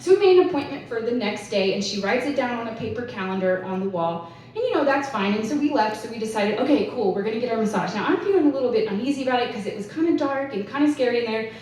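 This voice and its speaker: A woman's voice: on the high side, lively intonation, quick pace, darkish tone. A woman, telling a story as a conference speaker in a chatty way, with lots of "like". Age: 30s. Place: conference hall. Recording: echoey hall, voice from far off, faint hiss.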